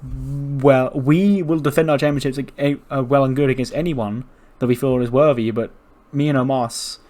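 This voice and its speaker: A man voicing a proud male wrestling champion who argues loudly and defends himself. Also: medium pitch, fairly even intonation, normal speed, close to an everyday voice. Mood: pompous. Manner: loud, defensive, argumentative.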